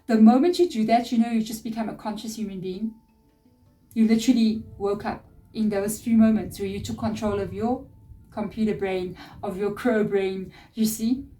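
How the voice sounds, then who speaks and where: A woman's voice: mid-range voice, steady tone, normal speed, mellow. A middle-aged woman reading tarot, giving spiritual advice in an earnest, emphatic way with lots of repetition. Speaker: tarot reader. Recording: distant mic with faint background music.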